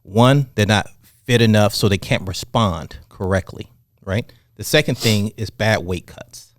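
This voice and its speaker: A man, a boxing fitness coach, telling stories on a podcast in an animated, passionate way. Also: lowish voice, measured pace, no room sound, clean studio sound. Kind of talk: casual podcast storytelling.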